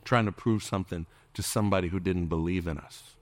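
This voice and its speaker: Low-voiced man preaching a sermon. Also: fairly even intonation, a little fast, no room sound. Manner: preachy, asks the crowd many questions, jokes and mimics. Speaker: pastor.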